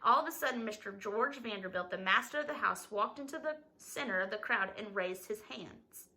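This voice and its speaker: Expressive female reader for a novel, bright tone, occasional stumbles. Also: mid-range voice, moderate pace, poor audio. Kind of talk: reading a novel aloud.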